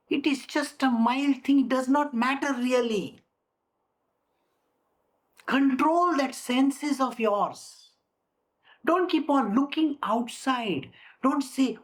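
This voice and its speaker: A woman explaining a scripture in a deliberate way, repeating her phrases and acting out examples. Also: high voice. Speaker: spiritual teacher.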